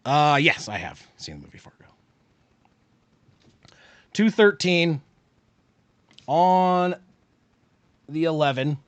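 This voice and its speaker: Excitable male live-stream sports commentator. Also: on the high side, slow, long pauses, clear, resonant tone, no room sound, dull audio. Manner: rises excitedly on big plays, mutters asides quietly.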